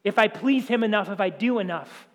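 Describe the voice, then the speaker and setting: A man preaching a sermon as pastor, emphatic, often dropping to hushed near-whispers for stress. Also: high voice, a little fast, long reverb tail.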